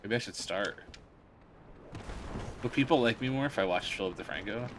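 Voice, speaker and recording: A man's voice: lowish voice, normal speed, background noise. A man chatting casually while streaming a game, rambling and joking with lots of filler words. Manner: rambling, jokey, filler-heavy. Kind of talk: casual chat while gaming.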